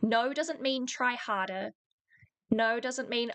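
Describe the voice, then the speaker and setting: Lively New Zealand woman telling a story. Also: a little high, slow pace. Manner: animated, swearing freely, laughing between lines. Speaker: podcast co-host. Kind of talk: casual storytelling chat.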